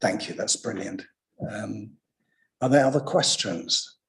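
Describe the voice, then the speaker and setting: A man's voice: lowish voice, a little slow, creaky. A man chairing a council committee, courteous and wordy as he thanks and calls on speakers.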